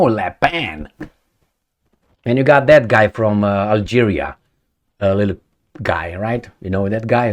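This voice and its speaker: Blunt rambling man mocking politicians. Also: mid-range voice. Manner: gropes for names, many fillers and restarts. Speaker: political commentator. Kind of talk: casual monologue.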